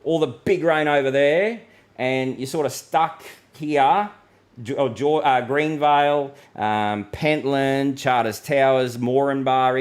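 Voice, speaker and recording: A middle-aged Australian man hosting a live weather stream, chatting casually and answering viewer comments in a matey way. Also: medium pitch. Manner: chatty and matey, reads viewer comments aloud, laughs easily.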